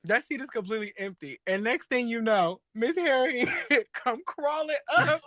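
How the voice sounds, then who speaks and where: A man co-hosting a drag and pop culture show, chatting in a sassy, animated way and laughing often. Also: extremely high pitch, normal speed, no echo. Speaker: podcast co-host. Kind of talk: casual chat.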